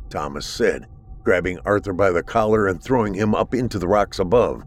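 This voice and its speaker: A man narrating a horror story with steady, dramatic delivery. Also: sits low, moderate pace, a little hiss or hum.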